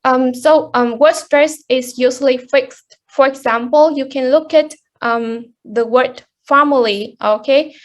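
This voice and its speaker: Young woman, high voice, halting class presentation with lots of ums. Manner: hesitant, many fillers and restarts. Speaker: student presenter.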